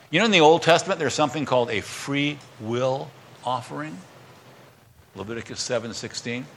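A man's voice: medium pitch, a bit bright. A male pastor preaching a conversational sermon, reading verses and breaking into acted quotes.

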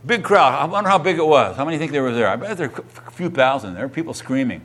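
A middle-aged male pastor preaching a sermon, reading scripture aloud and then retelling it with rising, animated emphasis. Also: fast talker. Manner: animated, rising in pitch and volume when retelling a quoted testimony.

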